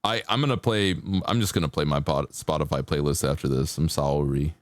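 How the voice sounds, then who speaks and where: A bass-voiced man talks briskly and casually with live-stream viewers as he paints, relaxed and chatty, sometimes singing along to songs in an exaggerated country twang. The recording has no room sound.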